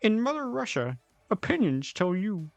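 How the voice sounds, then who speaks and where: A man putting on a high, nasal frog puppet impression. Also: very animated, normal speed, gravelly, dry recording, soft background music, heavily acted. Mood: mock-solemn.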